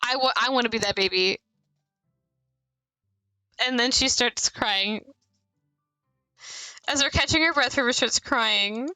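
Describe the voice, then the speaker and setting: High bright chatty woman streamer. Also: a little slow, long pauses, dry recording, soft background music, low-quality recording. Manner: chatty, rambling asides. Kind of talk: live game commentary.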